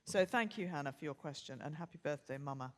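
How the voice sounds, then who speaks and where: An older English woman co-hosting a live podcast show, brisk, bossy and quick to laugh. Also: low voice, lively intonation. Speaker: podcast co-host. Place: theatre stage before a live audience. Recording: long theatre reverb.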